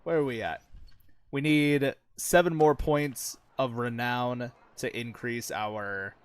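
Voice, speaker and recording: A man's voice: mid-range voice, fairly even intonation, slow pace, clean tone, no echo. Swearing man narrating his gameplay. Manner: chatty, swears freely, laughs often, calls viewers lads. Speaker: gaming channel host. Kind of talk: casual gameplay commentary.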